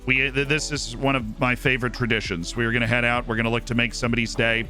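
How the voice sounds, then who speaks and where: Bright-voiced, tired man streaming a game. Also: medium pitch, flat delivery, fast talker, faint music behind. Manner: chatty, upbeat, thanks subscribers by name. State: tired, voice starting to go. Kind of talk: casual game livestream commentary.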